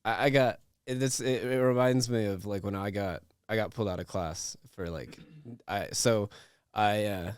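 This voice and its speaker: A man's voice: on the low side, steady tone, moderate pace, smooth, no room sound. Young man telling a rambling story. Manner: rambling, laughing storyteller with many restarts and fillers. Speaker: podcast host. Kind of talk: casual storytelling chat.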